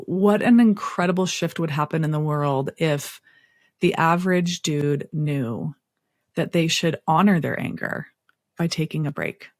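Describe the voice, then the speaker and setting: A middle-aged woman therapist speaking in an interview, expressive and storytelling with playful asides. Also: low voice, unhurried, dry recording, studio quality. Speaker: therapist guest. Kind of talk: interview conversation.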